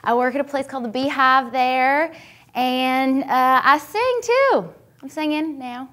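A woman playing a squeaky ditzy singer. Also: a little slow, a bit bright. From North Carolina. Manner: rambling, naive, stammering.

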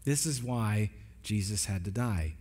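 Preaching as a pastor in a church sanctuary, this man has a lowish, somewhat dark voice and speaks animatedly without hurrying. His delivery is earnest and emphatic, with phrases often begun again. Long reverb from the hall fills the recording.

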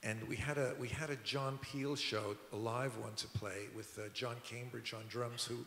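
At a public talk in a museum auditorium, a guest speaker, an older record producer and musician, wanders through anecdotes in a conversational way, frequently starting over. He has a medium-pitched, slightly bright voice with fairly level intonation and a moderate pace. The hall sounds echoey, with a little hiss or hum.

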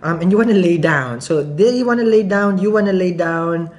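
A woman with a foreign accent talks straight to camera through a tarot reading. She is chatty and giggly and thinks out loud, restarting her sentences often. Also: on the low side, normal speed. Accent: non-native English accent. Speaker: tarot reader.

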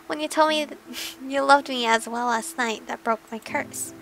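A woman reading the lines of a gentle young man in a visual novel, in a quiet, earnest, formal way. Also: high voice, normal speed, vocal fry, soft background music. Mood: tender. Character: gentle young man, formerly cursed, soft-spoken.

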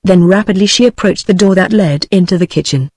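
A woman's voice: on the low side, no room sound, clean studio sound. Synthetic British woman reading a novel. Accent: British English. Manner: even, measured reading that voices all the characters alike. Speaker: audiobook narrator. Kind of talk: synthetic text-to-speech book reading.

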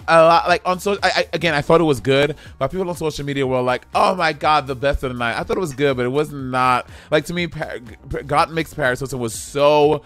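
A man with a slightly high voice gives his opinions in a casual review chat, blunt and sassy, with cursing dropped in freely. Faint music plays in the background. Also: fairly even intonation, fast, few pauses, a bit bright. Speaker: co-host of a TV review show.

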